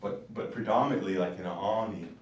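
A man's voice: fairly low pitch, quick pace. A man teaching a language class in a casual, encouraging way, often repeating words for his students. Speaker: language instructor. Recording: roomy classroom from far off, noisy.

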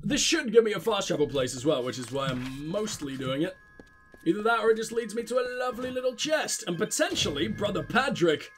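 A man's voice: high voice, very animated, a little fast, a bit bright, faint music behind. A man hosting a let's play, rambling through casual game commentary with self-mocking jokes and lots of swearing.

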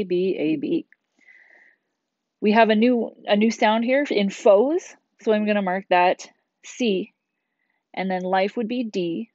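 A woman's voice: mid-range voice, darkish tone, no room sound. Middle-aged teacher woman, dull dry recording. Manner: chatty, explanatory, with casual asides. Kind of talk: recorded classroom lesson. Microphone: tablet screencast voice-over.

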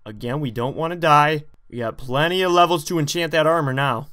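A man hosting a let's play, talking straight to his viewers in a jumpy, excitable way as he plays. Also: a little high, fairly quick, clear, resonant tone. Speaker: gaming channel host.

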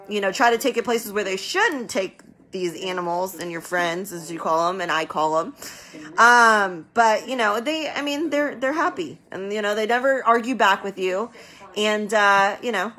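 Woman business owner, casual live chat, bright tense tone, repeats herself for emphasis. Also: medium pitch. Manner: chatty, rambling, repeats words for emphasis. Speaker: medical business owner hosting a live stream. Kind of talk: casual live-stream talk.

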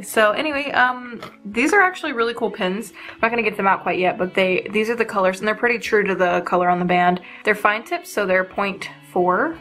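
Excitable young woman host, higher voice, chatty unboxing vlog with light music under. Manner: bubbly, excitable, giggly. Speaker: art channel host. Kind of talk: casual unboxing chat.

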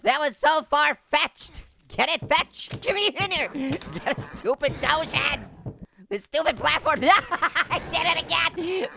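A man voicing a wisecracking male cartoon orange who plays a game, cracking puns and giggling nonstop in a squeaky, high voice. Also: takes it slowly, gravelly, background noise, full character voice. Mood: giddy, teasing. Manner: nonstop puns and cackling laughter. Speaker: gaming host. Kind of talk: gaming commentary.

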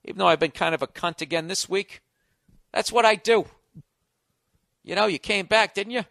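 Man, 40s, solo podcast host: high, bright, sarcastic, profane, dry close sound. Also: normal speed, gravelly, no room sound. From United States. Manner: sarcastic, profane, mock-outraged.

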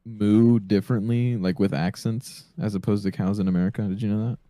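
A man's voice: fairly low pitch, fairly even intonation, fairly quick, mellow, no echo. A man on a voice call, joking around playfully and asking curious questions. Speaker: guest on a livestream voice call. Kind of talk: casual voice-chat banter.

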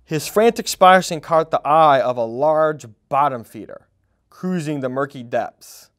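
A man reading a children's storybook aloud at a storytime, in an expressive, animated way. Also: fairly high pitch, unhurried. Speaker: storytime reader.

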